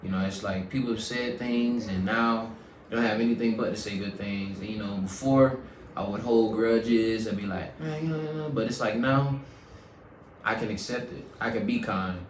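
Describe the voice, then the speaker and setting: A man's voice: fairly low pitch, fairly even intonation, moderate pace. A man hosting a casual faith podcast, earnest and affirming, often repeating key words back. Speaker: podcast host. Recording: roomy sound, mic at a distance, faint noise.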